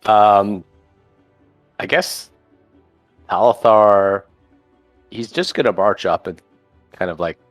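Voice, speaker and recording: A man's voice: fairly low pitch, slow pace, long pauses, no echo, faint music behind. A man playing a tabletop game, talking bluntly and swearing casually. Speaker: player.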